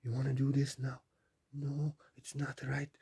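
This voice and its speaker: A man giving a spiritual talk, repeating phrases emphatically and building to loud bursts. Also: medium pitch, completely flat delivery, unhurried, creaky, husky. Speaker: spiritual teacher.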